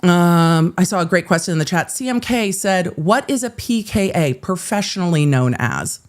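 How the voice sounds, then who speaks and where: A woman's voice: lowish voice, expressive, moderate pace. Sarcastic woman ranting on a live legal stream. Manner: reads court filings aloud and comments on them. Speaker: legal commentary host.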